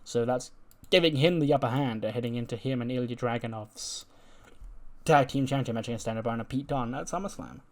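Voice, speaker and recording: A man narrates a game session in a relaxed, rambling manner, filling his sentences with casual asides. His voice sits at an ordinary middle pitch for a man. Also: fairly quick. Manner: chatty, with many fillers. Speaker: video game let's play host. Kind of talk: casual let's play narration.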